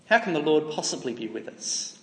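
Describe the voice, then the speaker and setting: A man's voice: fairly high pitch, sing-song, a little fast, fairly bright tone. A man with an Australian accent preaching a sermon in an earnest, emphatic way, asking rhetorical questions. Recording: echoey hall with long reverb.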